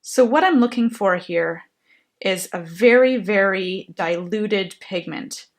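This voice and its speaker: A woman explaining a painting technique while she works, in a gentle, thoughtful way. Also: medium pitch, expressive, slow pace. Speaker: painting instructor. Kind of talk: painting tutorial narration.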